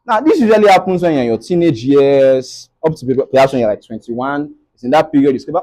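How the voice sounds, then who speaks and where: A man's voice: on the high side, sing-song, quick pace, warm tone, low-quality recording. A young Nigerian man with a Nigerian English accent, giving a faith-based motivational talk to a live audience in a preacherly way and often checking in with "right?". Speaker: motivational speaker.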